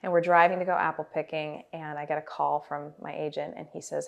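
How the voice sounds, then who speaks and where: A woman's voice: deep voice, fairly quick, creaky, a little mellow. A woman in her forties, a guest performer, chatting animatedly in an interview with many fillers and restarts. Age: 40s. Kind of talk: casual interview storytelling.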